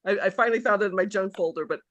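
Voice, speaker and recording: A woman guest joining a live video interview, speaking quickly and a little apologetically, set back from her microphone. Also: mid-range voice, highs cut off. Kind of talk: casual interview chat. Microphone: video call, away from the mic. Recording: distant quiet call audio.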